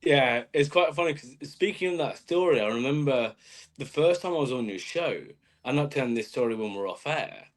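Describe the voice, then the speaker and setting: With an animated mid-range voice at normal speed, this Australian-born man, now based in England, spins self-deprecating stories full of fillers. He's a guest on a podcast, keeping it casual and dry.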